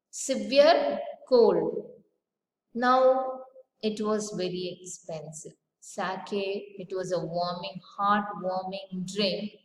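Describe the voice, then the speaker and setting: A woman teacher, retelling a story as a lesson, stopping to explain words and asking her pupils rhetorical questions. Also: a little high. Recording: echoey room with faint ambience.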